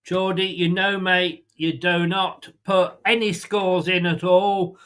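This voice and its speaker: A man's voice: high-pitched, little pitch movement, slow, a bit bright, clean tone. A man hosting a live football watchalong, blunt and sweary, sarcastic and exasperated as he reacts to the match and teases his chat. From England. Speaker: fan channel watchalong host.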